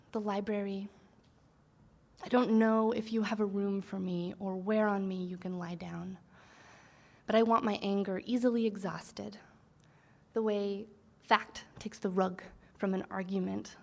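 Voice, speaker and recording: A woman poet reads her own work aloud before a live audience. Her delivery is soft and measured, and some phrases drop to a near whisper. Her voice sits at a middling pitch. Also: creaky. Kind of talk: live poetry reading.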